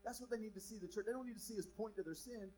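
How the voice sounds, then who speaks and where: Male preacher, high pitch, animated, soft to emphatic, faint background hum. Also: racing, poor audio. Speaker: pastor. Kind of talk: sermon.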